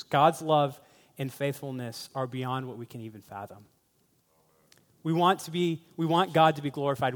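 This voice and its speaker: Pastor guy preaching, kinda high voice, big echoey church hall, gets fired up. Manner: passionate, emphatic preaching with rising exclamations. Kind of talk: sermon.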